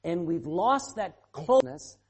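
Preacher with a lively, swooping pitch. Animated sermon delivery, firing questions at the congregation. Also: a little slow, breathy edge. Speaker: pastor.

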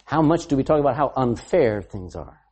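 A preacher in full sermon, with a mellow, husky voice that swoops from low murmurs to high exclamations. The delivery is emphatic, full of rhetorical questions thrown at the congregation and bits of quoted speech acted out in different voices. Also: expressive, a little fast.

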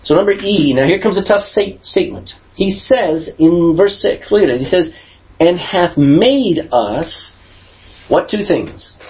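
Lively questioning man teaching a Bible class. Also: high-pitched, measured pace. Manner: asks the class questions, lively emphatic delivery. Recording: dull lo-fi recording.

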